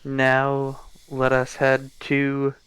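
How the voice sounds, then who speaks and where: A man's voice: mid-range voice, monotone, drawn-out words, a bit bright, smooth, dry recording, low-quality recording. A man co-playing a game on a stream, giving playful remarks. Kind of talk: casual game stream chat.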